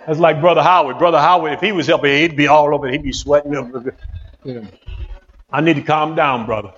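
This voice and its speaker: A male pastor preaching a sermon in an excitable call-and-response manner, in a church. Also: on the high side, fairly quick, dull audio.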